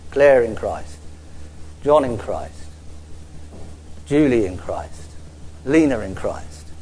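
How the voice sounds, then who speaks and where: A man preaching a sermon to a church audience, earnest and halting, restarting and repeating words, and slowing down to stress key phrases. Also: mid-range voice, warm tone, slightly rough, low-quality recording. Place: church gathering with a screen before an audience.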